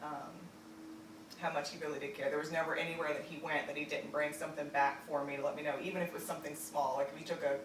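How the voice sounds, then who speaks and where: A woman's voice: low-pitched, level tone. Woman from virginia telling an old family story, lots of ums, distant mic, echoey room, faint hiss. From Virginia, United States. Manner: halting, with many fillers and restarts. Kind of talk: personal storytelling. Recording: roomy echo, distant mic, faint noise.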